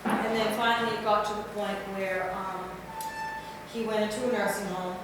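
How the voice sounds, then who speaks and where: A woman's voice: medium pitch, fairly even intonation, moderate pace, over music. A woman speaking to a group, giving personal advice with confessional asides. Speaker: workshop speaker. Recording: echoey hall, far from mic, noisy.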